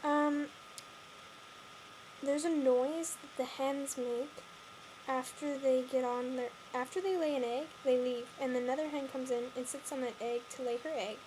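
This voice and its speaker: A woman's voice: high-pitched, steady tone, unhurried, a little mellow, low-quality recording. A woman vlogger chatting casually and playfully, explaining things to her viewers. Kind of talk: casual vlog chat. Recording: hissy recording with clucking hens.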